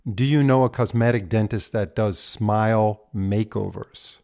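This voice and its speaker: A man hosting a podcast interview, asking questions and praising the answers in a measured way. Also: fairly low pitch, gravelly, warm tone. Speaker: podcast host, dentist.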